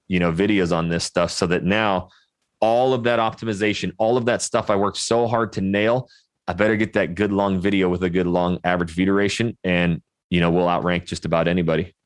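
A man co-hosting a podcast, talking in an energetic, emphatic way and acting out quotes. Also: low-pitched, smooth, no echo. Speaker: podcast co-host. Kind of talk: casual podcast talk.

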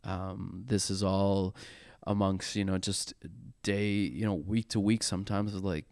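Man, 30s, worship leader type; candid and halting, lowish voice, dry close recording. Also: steady tone, darkish tone, no echo. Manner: earnest, halting with frequent restarts. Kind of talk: candid conversational storytelling.

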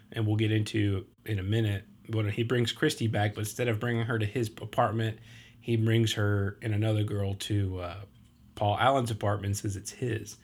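A man hosting a podcast, retelling a film plot in a casual, rambling way with lots of fillers and acted-out quotes. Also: lowish voice. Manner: rambling, many fillers and restarts, acts out quotes. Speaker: podcast host.

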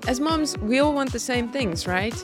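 A woman's voice: sits high, lively intonation, moderate pace, over music. A woman co-hosting a podcast, chatting casually with playful, giggly banter. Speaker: podcast co-host.

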